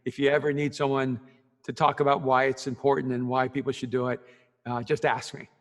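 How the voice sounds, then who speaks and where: A man's voice: medium pitch, little pitch movement, brisk, big-room sound. A pastor interviewing a guest in a casual, hesitant way, filling his questions with ums and ands. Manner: hesitant, many fillers, soft affirming murmurs.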